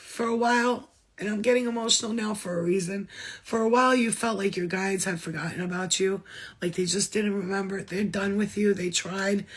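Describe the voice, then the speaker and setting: Woman healer preaching at the camera, husky breathy voice, swears a lot, hammers her points home. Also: mid-range voice, fairly even intonation, moderate pace. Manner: blunt, emphatic, swears freely; preachy, repeats phrases for emphasis. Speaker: spiritual healer. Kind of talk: impassioned spiritual talk to viewers.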